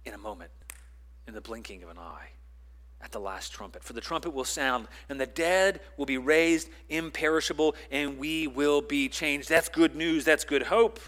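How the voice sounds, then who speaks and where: A man preaching a sermon as pastor, building to loud emphatic lines and dropping to quiet ones, with repeats and restarts. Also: medium pitch. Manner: repeats words and restarts phrases.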